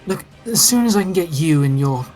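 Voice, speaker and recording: A man's voice: a little high, animated, a little fast, darkish tone, faint music behind, pitched above the performer's own voice, natural voice. A man voicing a weary, scornful swordswoman. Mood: dry scorn. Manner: dry, sighing, contemptuous.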